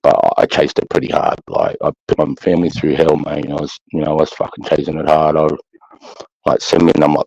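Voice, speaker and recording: A man's voice: a bass voice, little pitch movement, fast talker, creaky, darkish tone, no echo, low-quality recording. A man with an Australian accent, a former soldier telling war stories in a casual talk, blunt and full of swearing. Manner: blunt, sweary, heavy use of "mate" and "bro". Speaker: army veteran guest. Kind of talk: casual podcast conversation.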